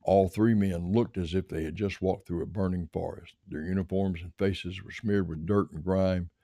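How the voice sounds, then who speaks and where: A man reading a story aloud in steady storytelling narration. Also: sits low, normal speed, vocal fry, no echo, clean studio sound.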